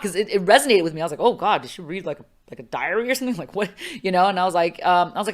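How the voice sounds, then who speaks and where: Her voice sits on the low side, and this middle-aged woman talks very fast with few pauses. As a podcast guest in a casual interview, she animatedly recounts a personal story, full of fillers and acted-out voices.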